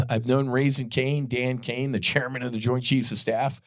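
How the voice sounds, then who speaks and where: A man's voice: mid-range voice, little pitch movement, moderate pace, hardly any pauses, dry recording, clean studio sound. A man hosting a podcast, delivering blunt, heated political commentary full of profanity. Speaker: podcast host.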